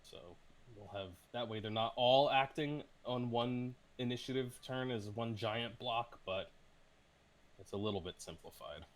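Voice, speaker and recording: A man narrating a tabletop game as game master, in measured, descriptive narration. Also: medium pitch.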